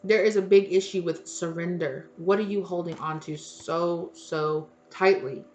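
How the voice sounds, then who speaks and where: A woman's voice: fairly low pitch, fairly even intonation, a little slow, a little mellow. A woman giving a casual tarot reading, blunt and emphatic, swearing freely and repeating her points. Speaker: tarot reader.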